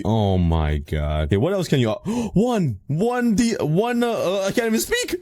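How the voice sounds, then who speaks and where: Excitable young man, lively pitch. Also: no echo. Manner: excitable, quick reactions, frequent laughs. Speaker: gaming YouTuber. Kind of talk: casual gameplay commentary.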